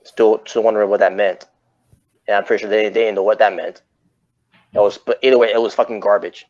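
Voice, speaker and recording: A man's voice: fairly low pitch, level tone, quick pace, darkish tone. A man hosting a casual wrestling chat podcast, rambling and often correcting himself mid-sentence. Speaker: podcast host. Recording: muffled lo-fi audio.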